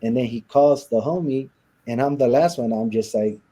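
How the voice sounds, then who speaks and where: A man from Southern California, an interview guest, tells his story candidly and bluntly with rough language, acting out what guards said to him. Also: medium pitch, moderate pace, dark tone, low-quality recording. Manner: blunt and profane, acts out the guards' lines.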